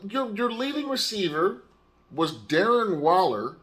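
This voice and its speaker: A man's voice: sits high, sing-song, unhurried, a bit bright. A man hosting his own podcast, ranting with exasperation and stumbling restarts. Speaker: podcast host. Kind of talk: solo sports rant podcast.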